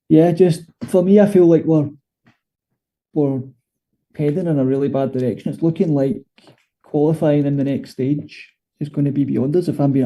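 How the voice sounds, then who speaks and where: A man's voice: a little high, muffled recording. A Scottish man co-hosting a football podcast, talking casually and hesitantly, with many fillers and restarts. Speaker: podcast co-host.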